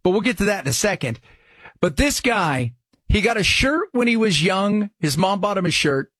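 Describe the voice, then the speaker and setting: A male radio host with a fairly high, husky voice, talking in a casual and excitable way. The sound is dry and close, with no room around it. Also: moderate pace, no room sound. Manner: excitable, animated delivery. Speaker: radio talk show host.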